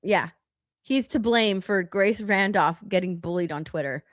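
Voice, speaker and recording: A woman's voice: mid-range voice, a little slow, no echo, studio quality. A woman co-hosting a casual livestream, sarcastic and dismissive as she comments. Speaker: co-host.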